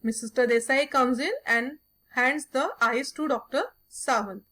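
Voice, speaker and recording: A woman's voice: high-pitched, unhurried, a bit bright. A woman teacher explaining a story to a class, repeating "okay" often.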